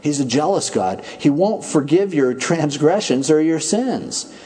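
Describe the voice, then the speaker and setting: A man's voice: on the high side, very animated, measured pace, warm tone. A man voicing the leader Joshua as a stern, blunt elder warning his people.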